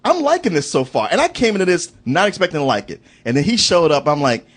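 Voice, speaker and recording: A man chatting casually about a movie on a review podcast, his voice high and husky. He talks with a very lively, swooping pitch and keeps slipping into quoted voices to act out lines. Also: quick pace. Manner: animated, acts out characters' lines in quoted voices. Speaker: film review podcast host.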